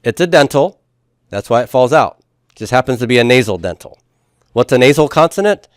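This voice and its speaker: A man's voice: medium pitch, lively intonation, a little fast, no room sound, clean studio sound. A man teaching a classroom lecture, explaining step by step and checking in with the students, with the odd playful joke. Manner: explains step by step, often checks understanding with "right?" and "okay?"; playful with jokes and puns. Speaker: Greek teacher.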